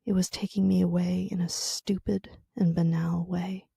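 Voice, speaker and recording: A woman reading literary fiction aloud in a quiet, measured way that often drops to a whisper. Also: on the low side, level tone, vocal fry, slightly rough. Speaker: reader.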